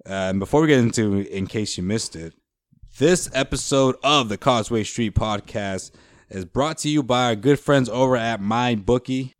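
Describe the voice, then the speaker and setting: An animated man hosting a sports podcast, chatting loosely with friends. His voice sits at an ordinary pitch. The sound is dry and close. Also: moderate pace, dry recording. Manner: animated, jokes in mock voices. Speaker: podcast host. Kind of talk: casual sports chat.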